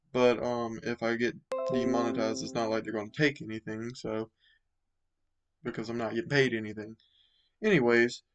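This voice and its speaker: A man's voice: medium pitch, low-quality recording. A young man chatting casually as he plays through a horror game, self-deprecating and chatty. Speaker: let's play host. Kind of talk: casual gameplay commentary.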